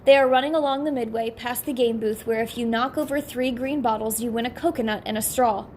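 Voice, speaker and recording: A woman reads a novel aloud with steady, clear storytelling. Her voice sits slightly high. A faint hiss of noise runs underneath. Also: fairly quick. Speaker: audiobook narrator. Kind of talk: audiobook reading.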